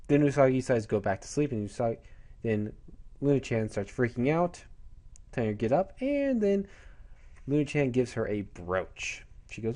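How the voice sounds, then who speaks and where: A man recaps a comic chapter in a rambling, chatty review. His tone is mellow and his pitch moves in a lively way. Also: moderate pace.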